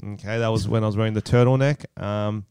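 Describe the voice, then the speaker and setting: A man's voice: fairly low pitch, steady tone, fast, a little mellow, clear, resonant tone, dry recording, clean studio sound. An Australian man co-hosting a podcast in loose, joking banter, swearing freely. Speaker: podcast co-host. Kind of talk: casual banter.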